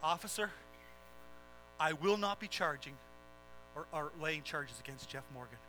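A man voicing a grieving widow who speaks softly but firmly. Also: fairly high pitch, expressive, measured pace, soft background music, voice pushed down, rough recording. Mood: resolute. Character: grieving widow, quiet and resolute.

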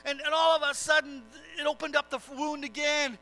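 A preacher with a strikingly high, bright voice tells a dramatic sermon story. He drives it with impassioned, swelling emphasis, and soft music plays faintly underneath. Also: little pitch movement, a little fast, low-quality recording.

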